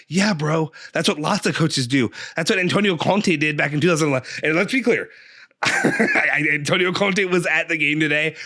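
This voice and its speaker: A man's voice: fairly high pitch, sharp tone. A man hosting a football fan channel, giving a frustrated, angry match reaction rant full of rhetorical questions.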